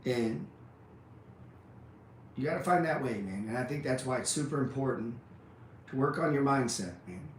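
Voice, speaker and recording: A man's voice: mid-range voice, animated, moderate pace, pauses often. A man hosting a trading show, giving an unscripted motivational talk. He swears freely, speaks bluntly and keeps ending sentences with "man.". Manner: profane, blunt, repeats "man" a lot. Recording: roomy echo with faint ambient noise.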